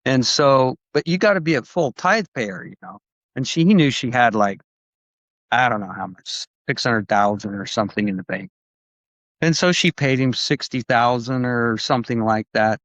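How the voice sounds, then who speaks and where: A man's voice: mid-range voice, normal speed, fairly bright tone, no echo. A man, a guest on a podcast, telling a long story in a rambling, conversational way, with many restarts and acted-out quotes. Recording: dull lo-fi dry recording.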